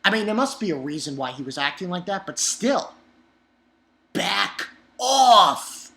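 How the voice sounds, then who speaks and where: A young man recapping a manga chapter in a rambling, casual way, swearing often and jumping up in pitch whenever he gets exasperated. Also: animated, fast, a bit bright. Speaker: manga reviewer.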